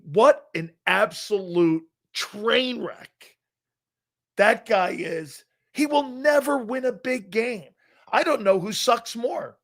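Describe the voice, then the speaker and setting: A middle-aged man with a high-pitched, wildly swinging voice rants through a live sports talk show. He is loud and profane, and he slips into mocking put-on voices. His delivery is unscripted and animated from start to finish.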